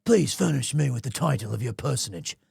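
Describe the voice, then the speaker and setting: A man's voice: mid-range voice, lively intonation, brisk, vocal fry, darkish tone, slightly rough, no room sound, clean studio sound, pitched below the performer's own voice, exaggerated voice. A man voicing a pompous male company president, trying out grandiose, formal greetings.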